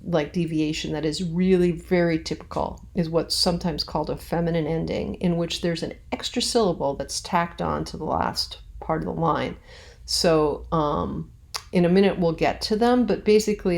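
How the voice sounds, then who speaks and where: Chatty woman teacher with a gravelly low voice. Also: normal speed, darkish tone. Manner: casual and chatty, many fillers, reads verse aloud with exaggerated stresses. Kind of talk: recorded classroom lesson on poetic meter.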